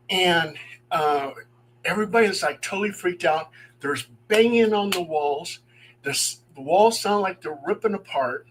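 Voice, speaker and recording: On a live stream, a lively guest storyteller who investigates the paranormal recounts true ghost stories in a slightly high voice, chuckling as he talks and performing the quoted voices. The audio is poor, with slight background noise.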